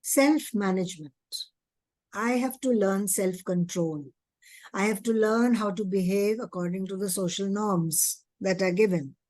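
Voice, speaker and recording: A woman's voice: mid-range voice, a little slow, darkish tone, no room sound. A woman, giving an earnest teacher training talk and asking many rhetorical questions. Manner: earnest, asks rhetorical questions, acts out child and teacher voices. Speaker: early childhood education trainer.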